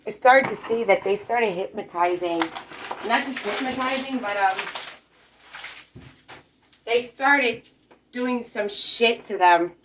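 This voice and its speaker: A woman's voice: on the high side, fairly bright tone. Woman ranting profanely over a noisy recording. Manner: heated, rambling, swears constantly. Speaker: vlogger.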